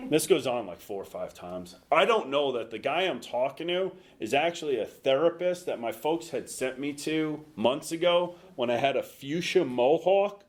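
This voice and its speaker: A man with a lowish voice tells his recovery story to a meeting. He is frank and self-mocking, and he keeps his dry jokes at his own expense. He shifts easily from humor to quiet, serious moments. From North Carolina. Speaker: recovery speaker.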